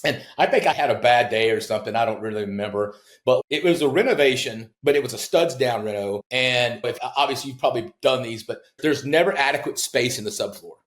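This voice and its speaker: A middle-aged man in a podcast chat, telling lively builder stories with a middle-pitched voice. He mimics the people in his tales with sudden high jumps in pitch. His voice sounds roomy, with echo from the room. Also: brisk, hardly any pauses. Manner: animated storyteller who acts out quoted people with big jumps in pitch. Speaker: home builder, podcast guest. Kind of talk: casual storytelling in a podcast interview.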